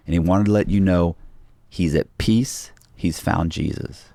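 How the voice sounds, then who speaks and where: A man with a deep, low voice tells a story in a relaxed interview, acting out each quoted line as he goes. The sound is dry and close, with no room around it. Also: normal speed, gravelly, no echo. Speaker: podcast guest.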